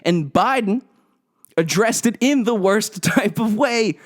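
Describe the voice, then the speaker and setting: High-voiced young guy ranting on his podcast, sarcastic and swears a lot. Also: lively intonation, takes it slowly. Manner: profane, sarcastic, emphatic. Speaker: podcast host. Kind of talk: ranting solo podcast commentary.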